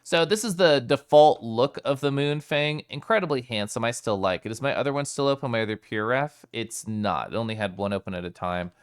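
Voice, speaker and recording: A man's voice: medium pitch, fairly quick, hardly any pauses, clean tone. A man streaming live, chatting casually with his viewers, playful and giggly as he greets them by name.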